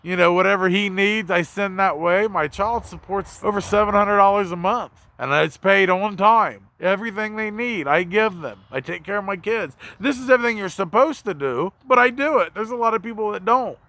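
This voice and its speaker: A man's voice: high voice, normal speed, few pauses, pushed and bright, no echo. A man in his thirties from the United States, talking to camera in a raw, emotional and profane vlog, near tears. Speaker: vlogger.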